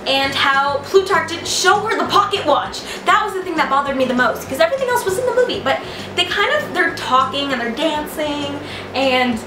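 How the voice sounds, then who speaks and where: A woman's voice: high-pitched, expressive, moderate pace. A woman giving a casual movie review, gushing and rambling with lots of "like". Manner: gushing, rambling, heavy use of "like". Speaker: film reviewer. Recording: echoey room, distant mic, music behind.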